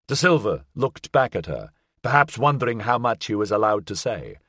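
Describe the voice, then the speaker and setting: A male audiobook narrator with a measured storytelling delivery and a lively, expressive pitch. The reading is close to the mic and dry, with no room sound. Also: husky, no echo.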